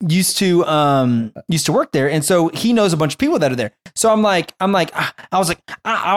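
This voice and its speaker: A young man telling a personal faith story in casual chat, animated and rambling with many restarts. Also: on the high side, quick pace, few pauses.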